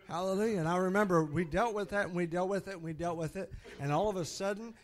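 Quick and high-pitched, this middle-aged preacher tells stories through his sermon with lively energy. Frequent hallelujahs punctuate his talk, and he laughs at his own tales.

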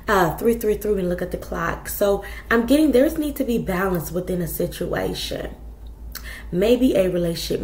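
A woman's voice: medium pitch, a little mellow, roomy sound. A woman giving a casual tarot reading, talking bluntly and chattily to her viewers with plenty of profanity. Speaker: tarot reader.

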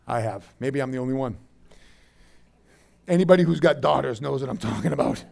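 A pastor in his thirties preaching a sermon, dropping to a soft, low voice and rising to loud, emphatic bursts. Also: fairly quick, creaky.

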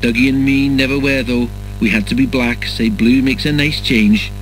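A man voicing a friendly male steam engine, speaking slowly and homely in a storybook reading. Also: medium pitch, steady tone, slight background noise, natural voice, low-quality recording. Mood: fond. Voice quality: broad dialect, slow and homely. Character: Scottish male tank engine, plain and friendly.

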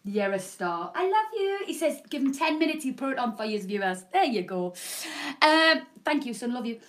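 A bubbly, loud woman in her forties hosting a live selling show. Her voice sits high for a woman, and she chats fast and warmly with viewers as she pitches products. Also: very animated. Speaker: shopping channel presenter. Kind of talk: live selling stream, chatty. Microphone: proper microphone.

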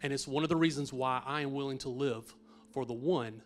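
A middle-aged pastor telling a personal faith story in a sermon, earnest and swinging from hushed to emphatic. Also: male voice, mid-range voice, brisk, slight background noise.

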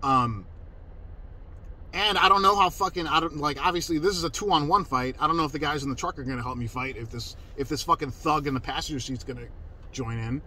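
A man's voice: a little high, brisk, pushed and bright, slightly rough, poor audio. A man telling a personal story in a casual, emphatic way, cursing freely and restarting his sentences. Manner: profane, emphatic, self-interrupting.

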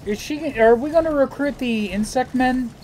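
A woman's voice: sits high, normal speed, warm tone, a little hiss or hum. A woman streamer giving casual gameplay commentary, joking around and swearing freely.

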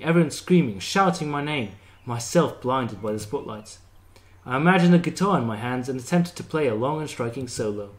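A young man steadily reading a visual novel aloud as a first-person narrator for his channel. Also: medium pitch. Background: faint guitar music.

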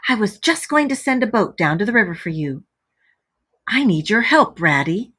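A woman voicing a boastful, excitable rich male toad in a storybook read-aloud. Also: medium pitch, normal speed, breathy edge. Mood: excited. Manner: exclaiming, enthusiastic.

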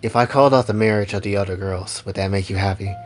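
A tender young husband, as a man reads him, soft-spoken and earnest, reassuring in a low, quiet voice. Faint music runs underneath. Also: steady tone, fast talker, lightly acted.

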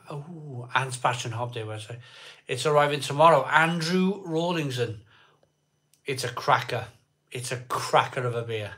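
On a live beer stream, this man reads comments as they come in, welcoming viewers by name and drifting between subjects in casual chat. His voice is mid-range and a bit bright.

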